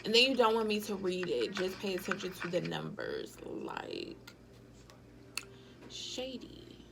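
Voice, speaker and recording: A woman's voice: mid-range voice, huge pitch swings, brisk, vocal fry, noisy background. A woman giving blunt, profane, sassy running commentary while reacting to a film. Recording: loud music under the voice.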